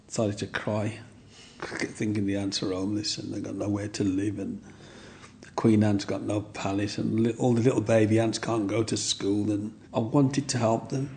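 A man's voice: on the low side, level tone, a little slow, creaky, a little mellow, slight background noise. A man, telling long rambling stories about his childhood and often asking "you know what I mean". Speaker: interviewee. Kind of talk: reminiscing storytelling.

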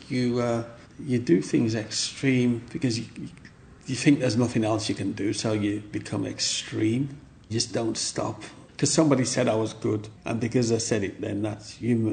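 A man's voice: medium pitch, creaky, darkish tone, a little hiss or hum. A man, telling long rambling stories about his childhood and often asking "you know what I mean". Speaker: interviewee. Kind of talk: reminiscing storytelling.

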